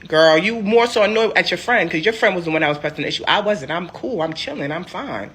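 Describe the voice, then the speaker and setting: A young woman telling a personal story in a casual, animated, sassy way. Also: fairly low pitch, fast, a little hiss or hum. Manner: animated, sassy, emphatic swings.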